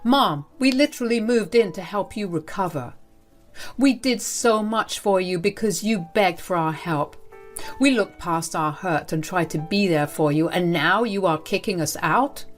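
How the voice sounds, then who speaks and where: A woman's voice: lowish voice, unhurried, faint music behind, lightly acted. A woman voicing an angry middle-aged man confronting his mother, indignant and pleading. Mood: outraged.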